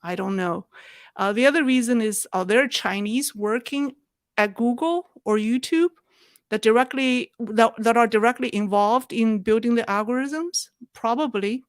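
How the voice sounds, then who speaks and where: A woman hosting a live show and answering viewer questions in a thoughtful, halting way. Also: on the high side, no echo, clean studio sound. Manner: thoughtful, halting, with restarts and soft laughs.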